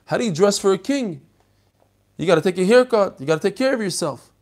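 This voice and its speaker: A man's voice: high voice, lively intonation, fairly quick. A man teaching a text study lesson, explaining passages and animatedly acting out the story.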